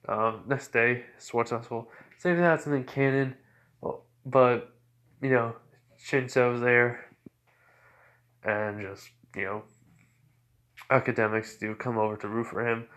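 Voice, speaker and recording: Guy rambling through a fan story, lots of "like" and "you know", mid pitch. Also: fairly bright tone. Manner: rambling, full of fillers and restarts.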